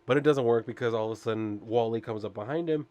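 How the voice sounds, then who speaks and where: A man talking through a comic book issue in a loose, rambling way, leaning on "like" and "I guess" while chuckling at the story. His voice sits at an ordinary mid pitch for a man, and the delivery is casual and unscripted. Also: quick pace, a little mellow.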